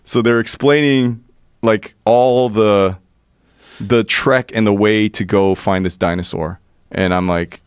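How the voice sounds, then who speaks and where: A man in his forties from the United States, a podcast guest telling a wild story, animated, profane, full of laughs and restarts. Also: fairly low pitch, takes it slowly, clear, resonant tone, no room sound, studio quality. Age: 40s. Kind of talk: storytelling anecdote in casual chat.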